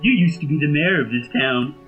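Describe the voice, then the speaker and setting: A man voicing a fat, giggly male halfling gatekeeper who teases everyone in a high, cackling voice. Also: animated, a little fast, lo-fi sound, faint music behind, natural voice. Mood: gleeful teasing. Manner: high-pitched, cackling, teasing.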